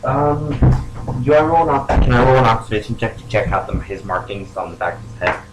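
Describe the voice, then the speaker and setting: A man's voice: medium pitch, expressive, a little fast, loud music behind the voice. A man playing a tabletop role-playing game, talking casually and asking unsure questions. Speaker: player. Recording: noisy home recording.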